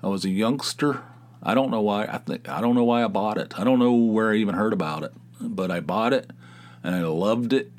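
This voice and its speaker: Alone on his own podcast, this host in his fifties talks a little fast in a lowish voice. The monologue is casual, jokey and wandering, with frequent self-corrections.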